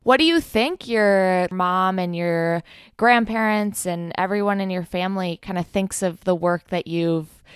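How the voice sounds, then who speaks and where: A woman's voice: lowish voice, clean tone, no echo, clean studio sound. A woman hosting a podcast interview, encouraging and admiring, sometimes repeating her words. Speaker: podcast host.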